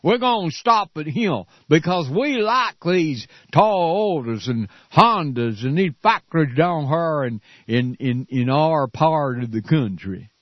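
Man doing a sneering drawling senator, husky, lo-fi. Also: a little high, expressive, takes it slowly, few pauses, no room sound. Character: jeering mock Southern male senator, defiant.

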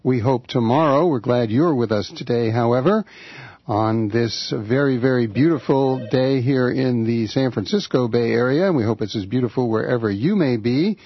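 A man's voice: medium pitch, moderate pace, slightly rough, dry recording, lo-fi sound. A man guest-hosting a political talk radio show from a studio, talking in a conversational, wry way with filler uhs.

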